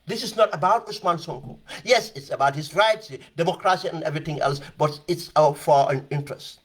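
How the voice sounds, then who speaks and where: A man's voice: fairly high pitch, brisk, a bit bright, slightly rough. A man giving emphatic, impassioned political commentary, repeating phrases for stress. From Gambia.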